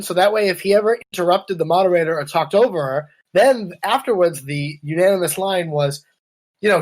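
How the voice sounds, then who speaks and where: A man co-hosting a podcast, chatting casually and sarcastically about politics over a webcam. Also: sits high. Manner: riffing, sarcastic, puts on quoted voices. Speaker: podcast co-host.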